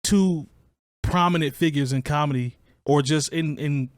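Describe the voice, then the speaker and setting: A man's voice: a little high, unhurried, dry recording, studio quality. A man hosting a hip hop talk podcast, giving his opinions in casual chat with frequent restarts. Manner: conversational, opinionated, restarts a lot. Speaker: podcast host.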